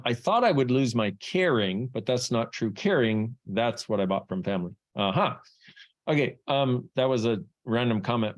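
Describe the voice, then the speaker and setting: A man leading a workshop in a playful, chatty way, tossing in silly made-up words as he talks. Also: mid-range voice. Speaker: workshop facilitator. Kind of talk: live workshop talk.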